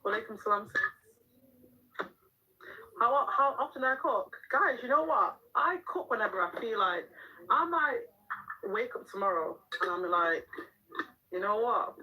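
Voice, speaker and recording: A woman's voice: a little high, animated, unhurried, long pauses, slightly rough, dull audio. A middle-aged woman, chatting frankly on a live stream as a mum, laughing often and answering the chat. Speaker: livestream host and mum. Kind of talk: casual live-stream chat reading viewer comments.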